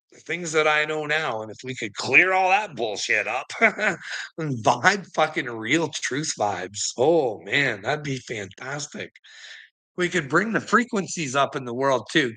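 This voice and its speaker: A man's voice: mid-range voice, pushed and bright. A man hosting his own vlog, talking to his viewers in a rambling, profane monologue and laughing between his lines. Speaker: channel host.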